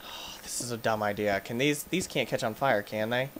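A man hosting a gaming channel, giving let's play commentary as he plays, excitable and yelping and shouting in panic at the game's monsters. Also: medium pitch, normal speed, slight background noise.

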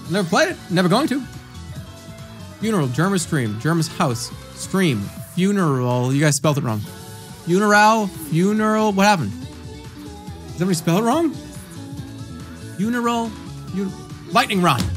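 A man in his thirties streams a quiz game at a desk mic, his slightly high voice swinging wildly as he jokes and reads out chat answers. Faint game music plays behind him. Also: very animated, a little slow, pauses often. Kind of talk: casual livestream commentary.

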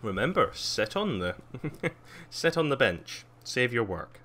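A man giving live gameplay commentary, excitable, squealing at jumps, laughing often and chatting with viewers. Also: mid-range voice, slow pace, soft background music. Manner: excitable, squeals gleefully at jumps and mocks himself; chats with viewers while playing, laughs often. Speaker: streamer playing a video game.

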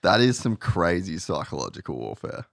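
A man hosting a podcast, talking excitedly and swearing freely, with "bro" and "dude" throughout. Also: deep voice, moderate pace, vocal fry, no room sound, clean studio sound. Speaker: podcast host. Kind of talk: casual podcast chat.

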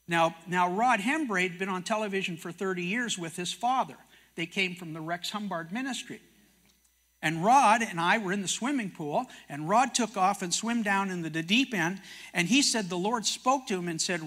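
Bright-voiced older Canadian preacher. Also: male voice, sits high, moderate pace. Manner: folksy storyteller, acts out dialogue in quotes. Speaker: prophecy teacher and TV host. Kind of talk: sermon-style storytelling talk.

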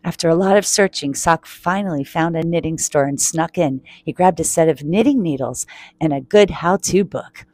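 A woman reading a children's picture book aloud in a quiet, playful voice, joking and giggling in a public laundromat. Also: deep voice, moderate pace, no echo.

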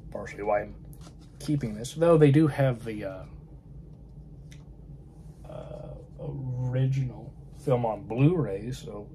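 A man's voice: mid-range voice, slow, long pauses, mellow, a little hiss or hum. A man chatting casually about films, rambling and often trailing off to a murmur. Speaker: film vlogger. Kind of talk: casual film chat.

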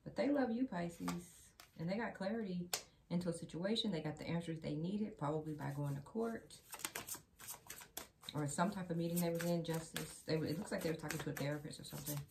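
Woman tarot reader, low-pitched, casual repetitive patter, noisy recording. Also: fairly quick, vocal fry. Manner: chatty, repeats phrases, addresses the viewer directly. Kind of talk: casual tarot reading to camera.

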